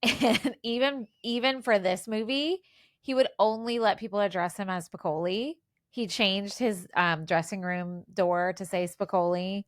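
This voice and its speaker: A woman's voice: mid-range voice, steady tone, a little slow, no room sound, studio quality. A woman in her forties co-hosting a casual podcast, chatting through film trivia with lots of fillers. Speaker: podcast co-host. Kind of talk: casual chat.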